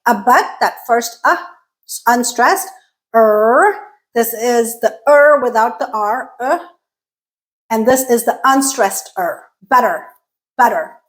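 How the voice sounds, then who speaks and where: A woman with a fairly high voice teaching pronunciation at a very unhurried pace. She models each vowel with care and repeats short example words one by one. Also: poor audio. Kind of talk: slow, careful pronunciation lesson.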